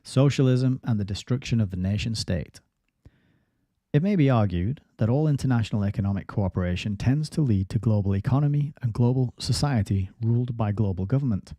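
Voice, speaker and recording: A man reading a book aloud in a steady way, stopping now and then for brief casual comments and slipping a little on some words. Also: mid-range voice, fairly quick, no echo, clean studio sound.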